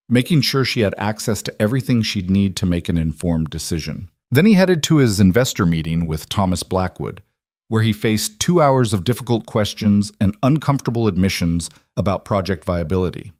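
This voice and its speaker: A man giving an even, measured scripted story narration. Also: sits low, no echo, studio quality.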